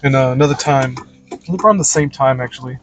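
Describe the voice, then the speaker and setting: A man's voice: mid-range voice, steady tone, fairly quick, highs cut off, slight background noise. A man giving a casual, rambling monologue about faith, blunt and full of "like" and "man.". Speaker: channel host.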